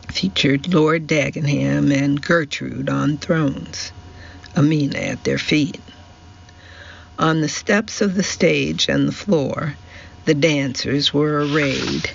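Slow, gravelly male audiobook narrator. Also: a little high. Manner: measured, even storytelling. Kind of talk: scripted narration. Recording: slightly muffled with faint hiss.

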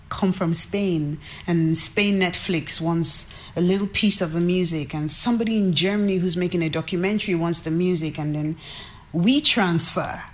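A Nigerian record executive with a fairly low-pitched voice tells a story during an interview. She's animated and chatty, full of fillers and quoted asides.

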